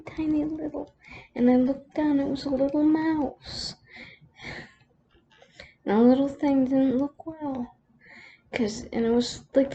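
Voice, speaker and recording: A woman vlogger telling a personal story, close to tears, halting with many pauses and restarts. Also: on the high side, warm tone, lo-fi sound, slight background noise.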